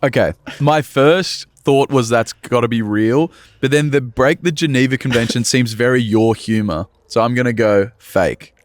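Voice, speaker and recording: A man's voice: mid-range voice, moderate pace, few pauses, a little hiss or hum. A young man co-hosting a podcast in casual, joking chat. He runs the game segment in a laid-back way. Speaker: podcast co-host.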